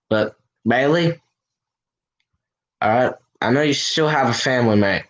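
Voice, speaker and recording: A man's voice: medium pitch, unhurried, long pauses, poor audio. A man hosting a casual livestream, talking earnestly and reassuringly to his viewers with lots of "you know" fillers. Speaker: livestream host.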